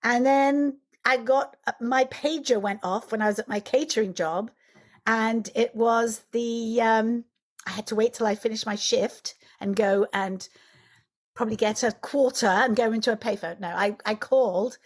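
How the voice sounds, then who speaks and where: A middle-aged woman, an actress on a podcast, telling animated stories and acting out the people she quotes. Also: a little high, moderate pace. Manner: animated storyteller, acts out quotes. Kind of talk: casual interview chat.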